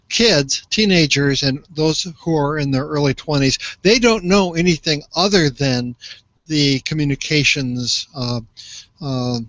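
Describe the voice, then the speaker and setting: A man's voice: fairly high pitch, no room sound. An older man explaining earnestly in a conversational discussion, telling a story to make his point. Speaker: social media commentator. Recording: slightly muffled lo-fi.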